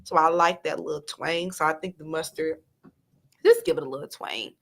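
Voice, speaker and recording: A woman co-hosting a casual chat show, chatty and quick to restart her sentences. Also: low-pitched, gravelly. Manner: animated, chatty, restarts a lot. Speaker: podcast co-host.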